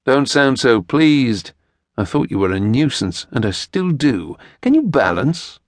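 A man voicing a stern, fussy gentleman who speaks in a dry, clipped, pompous way. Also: medium pitch, big pitch swings, unhurried, dry recording. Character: stern, fussy tall gentleman rider, sardonic.

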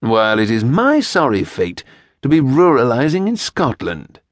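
A man voicing a stern, fussy gentleman who speaks in a dry, clipped, pompous way. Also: mid-range voice, wildly swooping pitch, unhurried, no echo. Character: stern, fussy tall gentleman rider, sardonic.

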